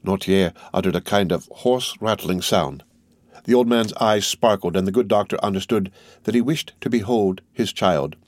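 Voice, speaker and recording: A man reading a classic novel aloud as an audiobook, narrating in a steady, measured way. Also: on the low side, no room sound, clean studio sound. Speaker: audiobook reader.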